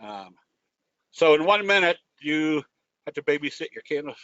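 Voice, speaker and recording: A man's voice: on the high side, very animated, moderate pace, pushed and bright, no echo. Folksy man on a dull webinar line. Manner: folksy, tells jokes, restarts often. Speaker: trading webinar presenter. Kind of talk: casual webinar talk. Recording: dull lo-fi dry audio.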